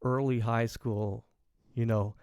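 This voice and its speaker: A young man from Canada telling a story in casual podcast chat, rambling with many fillers and animated quoting. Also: medium pitch, slow, smooth, no echo, clean studio sound. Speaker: podcast host.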